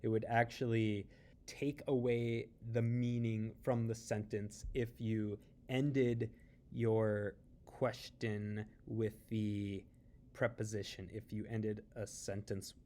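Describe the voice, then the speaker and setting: Slow, patient male Spanish tutor. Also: fairly low pitch, level tone, mellow. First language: English. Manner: patient, repeats Spanish examples slowly. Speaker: Spanish teacher. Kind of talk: tutorial explanation.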